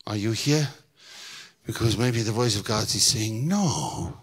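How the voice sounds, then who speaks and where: A pastor preaching a sermon in church, animated, putting on voices and asking his congregation questions. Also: lowish voice, a little slow, breathy edge. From South Africa. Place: church hall.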